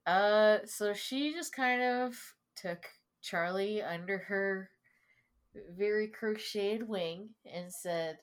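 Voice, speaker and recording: Speaking slowly in a mid-range voice, a tabletop game player describes her character. She keeps it casual and jokey, swearing plenty along the way.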